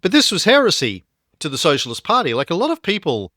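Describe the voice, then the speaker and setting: Guy co-hosting a history podcast, storyteller vibe, gets louder and higher on the big points, dry close mic. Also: quick pace, dry recording. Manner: lively storytelling, rises in pitch when emphatic. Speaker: podcast co-host.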